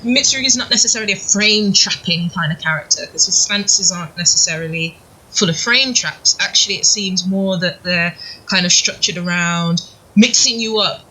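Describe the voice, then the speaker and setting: A woman's voice: medium pitch, normal speed, slightly rough, low-quality recording. A woman with a British accent hosting a fighting-game tutorial, upbeat and steering the talk with questions. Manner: upbeat, guiding questions, laughs easily. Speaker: host. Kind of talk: hosted gaming tutorial interview. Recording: loud background noise.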